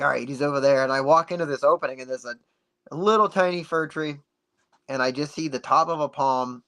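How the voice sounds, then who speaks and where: A man guest on a podcast, telling a story in a casual, animated way and acting out the dialogue. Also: medium pitch. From United States. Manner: animated, acts out dialogue with many "like"s.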